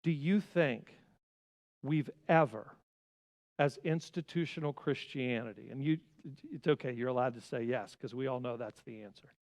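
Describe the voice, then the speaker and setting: A man preaching a sermon as pastor, swinging from loud emphasis to hushed asides. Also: medium pitch, gravelly, in a large hall. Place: church sanctuary.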